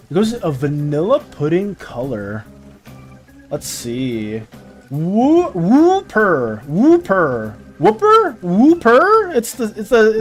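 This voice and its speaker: A streamer chatting casually on a live stream, rambling and giggly while reacting to chat. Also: mid-range voice.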